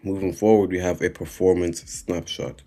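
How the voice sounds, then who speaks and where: A man giving a live-streamed trading lesson, speaking slowly and repeatedly checking in with his viewers. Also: deep voice, fairly even intonation, background noise. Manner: unhurried, repeating "right?" and "guys" to the chat. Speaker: trading instructor.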